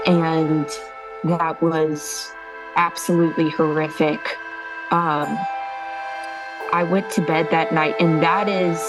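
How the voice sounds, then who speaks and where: Give me a tearful woman recounting a painful experience, halting and full of pauses. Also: low-pitched, low-quality recording. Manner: halting, with many pauses and restarts. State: crying. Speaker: interviewee telling her story. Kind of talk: emotional personal testimony.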